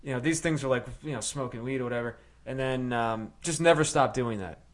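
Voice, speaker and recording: A man's voice: medium pitch, brisk. A man co-hosting a podcast who tells a long story in casual chat, rambling with plenty of fillers and restarts. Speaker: podcast co-host.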